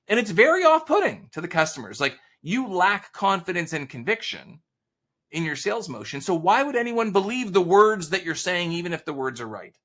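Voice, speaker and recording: A man's voice: high voice, brisk. A man being interviewed on a podcast about sales, telling stories and acting out the dialogue as he goes. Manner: animated storyteller, acts out quoted dialogue. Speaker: sales author and consultant guest.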